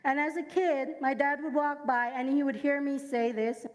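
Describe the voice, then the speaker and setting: A Jamaican woman with a high voice delivers a sermon full of personal stories. She keeps asking the congregation to join in and repeat her words. Her voice carries with a long reverb through an echoey church hall. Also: steady tone, normal speed. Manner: engages the congregation, asks them to repeat lines; personal storytelling. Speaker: speaker at a church service.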